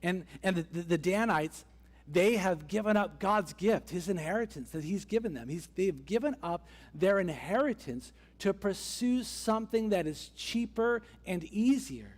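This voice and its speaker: A man's voice: high-pitched, expressive, moderate pace. A man preaching a conversational sermon as a pastor, acting out the characters' voices as he tells the story. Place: church sanctuary. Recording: long church hall reverb.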